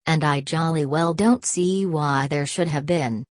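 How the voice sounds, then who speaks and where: A woman's voice: low-pitched, measured pace, a little mellow, dry recording, studio quality. A woman reading the lines of a defiant, protesting young woman in an audiobook.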